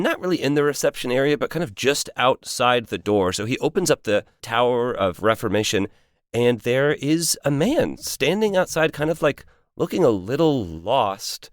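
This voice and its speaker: A man's voice: mid-range voice, big pitch swings, normal speed, dry recording, studio quality. Chatty man narrating a tabletop game. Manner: loose, chatty, hedging. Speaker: game master.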